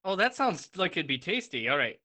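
A man's voice: high voice, big pitch swings, brisk, sharp tone. A man co-hosting a comedic podcast, groaning and joking with mock dread in casual chat. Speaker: podcast co-host. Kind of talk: casual comedic chat over a remote call.

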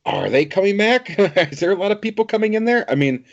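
A man co-hosting a casual podcast chat, talking in a lively, laughing way with some casual swearing. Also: high-pitched, fast talker, gravelly. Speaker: podcast co-host. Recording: dull lo-fi podcast audio.

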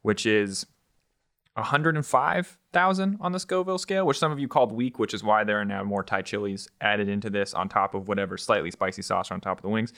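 A young man co-hosting a casual video, rambling and recapping games quickly. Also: fairly low pitch, gravelly. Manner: fast, rambling, yelling through spicy pain. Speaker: co-host of esports challenge video.

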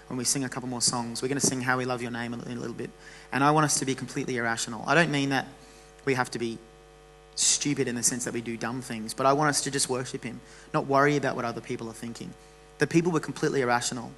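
A man preaching a casual, animated sermon to a church youth gathering. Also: mid-range voice, a little hiss or hum, low-quality recording.

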